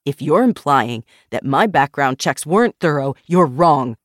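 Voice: medium pitch, moderate pace, no echo, clean studio sound, lightly acted. A narrator voicing a young man who speaks firmly and emphatically in an audiobook. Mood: defensive. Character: young man, defensive and firm. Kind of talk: audiobook character voice.

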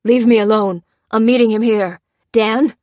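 A woman reader voicing a feverish, delirious older man who calls out in loud, slow, pleading cries. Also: on the high side, steady tone, dry recording, studio quality, voice pushed up, lightly acted.

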